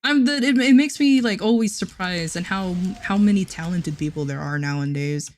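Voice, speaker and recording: A woman's voice: fairly low pitch, normal speed, darkish tone. A woman livestreamer chatting casually with her chat, giggling often and restarting her sentences.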